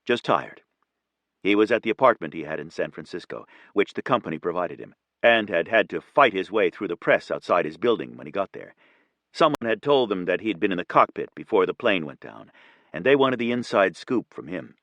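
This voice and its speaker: A man narrating an audiobook in a steady, even reading. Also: sits low, a little fast, no echo, lo-fi sound. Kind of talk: scripted narration.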